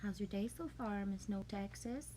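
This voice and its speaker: A woman hosts a casual livestream with a live audience, reading her viewers' comments aloud and answering them in a chatty, emotional way. Her mid-range voice is mellow and moves at a moderate pace, with a little hiss or hum in the audio.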